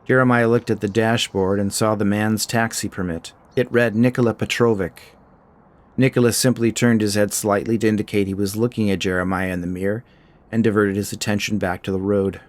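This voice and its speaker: Man with a low voice narrating a story. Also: steady tone, a little fast.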